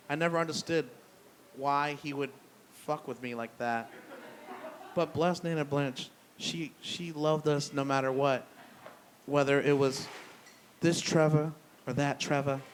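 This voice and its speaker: A man's voice: a little high, fairly even intonation, measured pace, pauses often, slight background noise. Rambling, profane stand-up comic man. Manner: profane, self-deprecating storytelling; loose, rambling delivery with restarts. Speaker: stand-up comedian. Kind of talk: stand-up comedy. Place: brewery comedy show with live audience.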